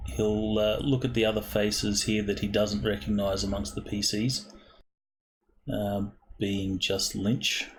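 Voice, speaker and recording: A man narrating as game master in a tabletop game, deliberate and full of ums. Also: fairly low pitch, level tone, low-quality recording.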